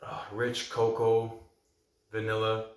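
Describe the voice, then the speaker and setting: A man's voice: fairly low pitch, monotone, slow. A man hosting a casual video review, talking loosely to camera in a rambling, chatty way from a room at home. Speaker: vlog host reviewing films and beer. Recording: echoey room.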